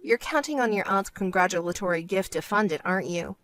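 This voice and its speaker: A woman's voice: mid-range voice, animated, brisk, fairly bright tone, lightly acted. A woman voicing a cool, blunt young woman. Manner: cool, dry and curt. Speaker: narrating protagonist. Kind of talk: animated story voice acting.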